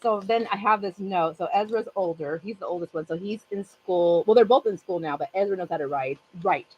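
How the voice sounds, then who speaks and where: A woman's voice: fairly low pitch, fairly quick, highs cut off, slight background noise. A woman in her fifties hosting a craft channel, chatting casually with her livestream viewers in a rambling way and laughing often.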